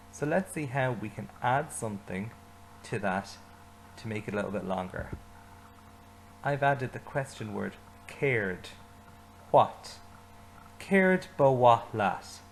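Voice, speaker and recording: A man teaching an Irish language lesson, saying phrases slowly and asking learners to repeat them. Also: fairly low pitch, gravelly, a little hiss or hum, low-quality recording. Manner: slow repetition, leading learners to say phrases with him.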